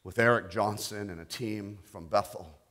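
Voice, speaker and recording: A middle-aged male pastor preaching a sermon, telling a testimony softly and rising to loud, impassioned declarations. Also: on the low side, normal speed. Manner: quiet storytelling building to loud, impassioned declarations.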